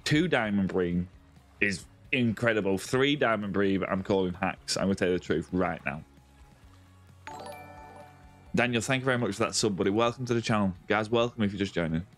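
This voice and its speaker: Chatty streamer man, low voice. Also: fairly quick, faint music behind. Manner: chatty, greets viewers by name, calls them mate and buddy. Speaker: game streamer. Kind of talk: casual live-stream chat.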